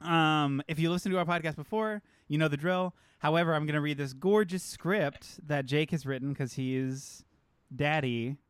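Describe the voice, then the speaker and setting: A man co-hosting a casual podcast, slightly high for a man, with a smooth, clear voice. He is chatty and self-mocking and laughs a lot. He sounds dry and close to the mic. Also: normal speed, dry recording. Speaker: podcast co-host. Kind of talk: casual chat.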